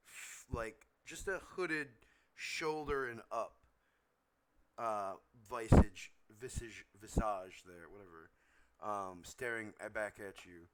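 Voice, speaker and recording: A man narrating as game master for a tabletop game, halting and correcting himself with many fillers, on a home microphone. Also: on the low side, background noise.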